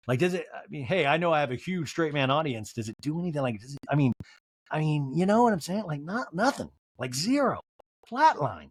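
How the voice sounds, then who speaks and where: A man hosts a comedic TV recap, talking in a crude and rambling way. His pitch swings widely as he riffs, and the recording is dry and close, with no room sound. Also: lively intonation, a little fast, no room sound. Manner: crude, profane, rambling with many fillers. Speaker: podcast host.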